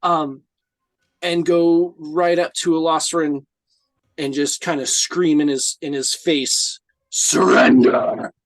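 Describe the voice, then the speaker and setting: A woman's voice: low-pitched, little pitch movement, slow, no echo. A woman playing in a tabletop game, casual, swearing and laughing as she checks her rules. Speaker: player.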